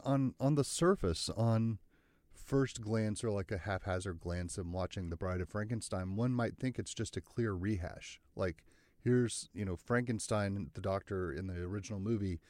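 A man's voice: on the low side, fairly even intonation, measured pace, darkish tone, no echo. A man co-hosting a podcast, sharing reflective thoughts in a casual film discussion. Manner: reflective, conversational. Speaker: podcast co-host.

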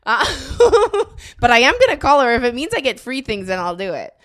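A woman comedian co-hosting a podcast in loose, casual chat. Her voice sits a little high, and she swears freely and breaks into laughter often. She tells stories bluntly. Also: wildly swooping pitch, moderate pace, a bit bright.

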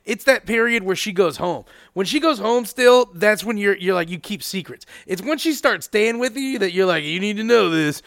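A man co-hosts a loose podcast conversation, cursing easily and tripping over his own restarts when he asks something. His voice runs high for a man and carries a gravelly fry. The sound is dry and close. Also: expressive, moderate pace, hardly any pauses, fairly bright tone, no room sound. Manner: profane, stammering restarts when asking questions. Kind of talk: casual chat.

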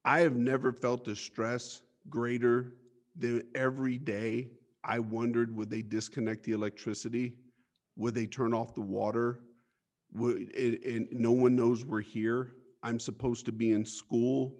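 A man's voice: medium pitch, level tone, unhurried, darkish tone. Guy on a podcast, raw and blunt, swears a lot, trips over his words. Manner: raw, blunt storytelling with frequent swearing and stammered restarts. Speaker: interview guest. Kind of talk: candid life-story interview.

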